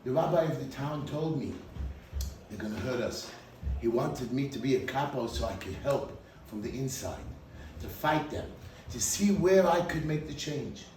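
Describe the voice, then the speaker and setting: A man's voice: mid-range voice, expressive, normal speed, darkish tone, slight background noise, natural voice. A man voicing a remorseful man who earnestly explains a desperate choice he made in wartime. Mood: pleading. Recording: echoey hall, mic from far off.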